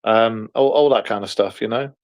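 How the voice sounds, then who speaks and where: A man's voice: fairly low pitch, moderate pace. A man with an English accent hosting a podcast, chatting casually, rambling and swearing freely. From England. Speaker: podcast host. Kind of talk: casual chat.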